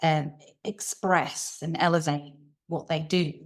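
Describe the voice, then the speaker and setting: Woman podcast co-host, lowish voice, reflective and halting. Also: fairly even intonation. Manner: reflective, speaks in short halting phrases with restarts. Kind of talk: casual discussion.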